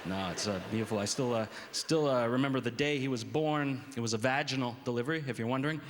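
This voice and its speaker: A man doing stand-up comedy, casual and halting, with many filler words. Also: medium pitch. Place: comedy club stage. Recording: roomy hall with audience noise.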